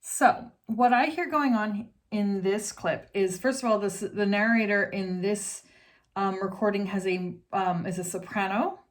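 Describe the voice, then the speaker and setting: A woman teaching singing in a relaxed, chatty way, breaking off to sing short demonstration lines. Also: mid-range voice, measured pace. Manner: chatty, explanatory, with sung demonstrations. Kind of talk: casual vocal lesson.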